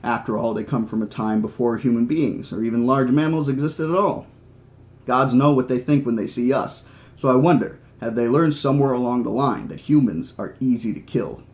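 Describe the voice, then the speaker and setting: A man's voice: mid-range voice, normal speed, a little mellow, lightly acted. A man reading the lines of a sceptical male mathematician who questions and reasons aloud. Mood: probing.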